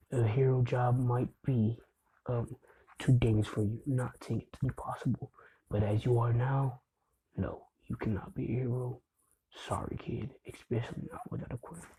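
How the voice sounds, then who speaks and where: A young man voicing a kind but blunt adult male hero, speaking softly and apologetically in a hushed voice. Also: medium pitch, slight background noise, natural voice, low-quality recording.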